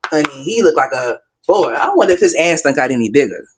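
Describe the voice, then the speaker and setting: A woman's voice: deep voice, very animated, brisk, slight background noise. Sassy woman ranting gossip on her livestream, cussing, calling everyone girl and honey. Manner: sassy, profane, talks straight to viewers as girl and honey. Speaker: commentary livestream host. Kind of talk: casual gossip commentary.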